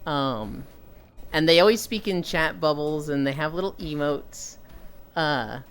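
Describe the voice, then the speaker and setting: A woman streamer chatting with viewers, telling stories, swearing freely and acting out the people in them. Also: deep voice. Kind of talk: casual chat with viewers.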